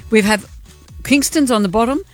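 A woman's voice: a little high, normal speed, soft background music. A woman co-hosting a radio show, chatting casually and laughing easily while she explains a recipe. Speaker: radio co-host. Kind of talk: casual on-air cooking banter.

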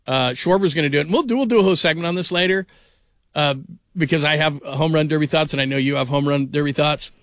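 A man's voice: on the high side, fairly bright tone, no room sound, clean studio sound. A man hosting a sports radio show in a casual, rambling, self-deprecating way, laughing often.

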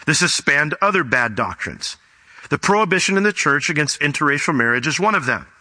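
A male pastor delivers an expository sermon in a very bright, forceful voice pitched a little high. He reads scripture aloud and breaks off to explain each passage to the congregation. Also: very animated, a little fast. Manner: expository preaching with scripture reading and asides.

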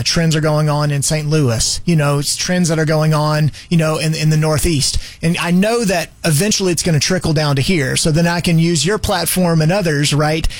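A man's voice: on the high side, no echo. A man speaking as a guest on a radio show, explaining in a chatty way with many restarts. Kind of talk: radio interview.

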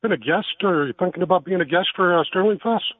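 A man's voice: sits high, fast talker, dry recording. A man calling into a radio show, talking hesitantly with many fillers. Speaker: radio caller. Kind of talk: phone-in call. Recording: tinny phone line.

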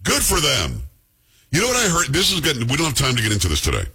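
Male talk-radio host, animated and joking, bright, raspy voice, broadcast studio sound. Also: a little high, fast talker. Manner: animated, joking, jumps between loud and quiet.

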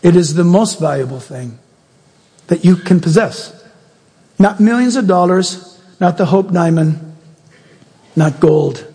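Male pastor, high husky voice, animated sermon with crowd questions, long hall reverb. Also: measured pace, long pauses.

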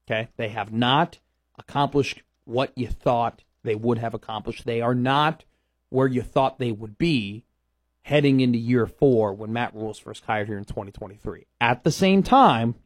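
A man's voice: medium pitch, no echo. A man hosting a sports radio show, talking casually and emphatically, repeating his points.

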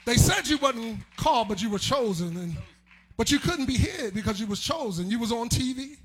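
A man delivering a sermon, chanting his lines and swelling into shouts. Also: very high voice, lively intonation, moderate pace, slightly rough. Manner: chanting, sing-song preaching that swells into shouts. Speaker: preacher.

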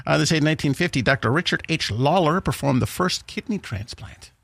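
A man's voice: on the high side, expressive, fairly quick, gravelly, a bit bright, dry recording. A man hosting a morning radio show in casual banter, rambling and jokey with lots of fillers, in a studio.

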